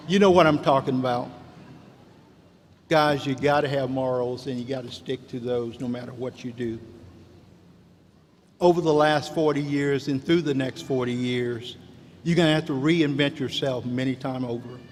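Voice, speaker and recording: A man's voice: mid-range voice, normal speed, a little hiss or hum. A man giving a folksy, rousing commencement speech from a podium, calling out to the graduates. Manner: folksy, rousing, calls out to the crowd. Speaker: commencement speaker. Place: large hall. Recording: echoey large hall.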